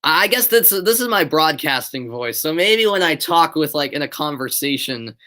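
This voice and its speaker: A man's voice: on the high side, moderate pace. A young man in his late teens with a light Boston accent gives live play-by-play of a soccer match. Between plays he chats casually with viewers, with fillers and hesitations. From Boston area, USA. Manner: chatty, answers viewers' chat between plays; animated calling of play, relaxed and hesitant in chat. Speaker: amateur play-by-play commentator. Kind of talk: live streamed play-by-play commentary with chat.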